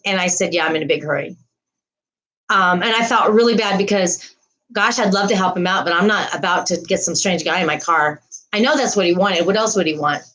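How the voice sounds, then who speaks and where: A woman's voice: on the low side, fairly quick, a bit bright, rough recording. A woman hosting a casual livestream, rambling through a story and greeting viewers' comments. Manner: frequent laughs and restarts. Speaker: livestream host.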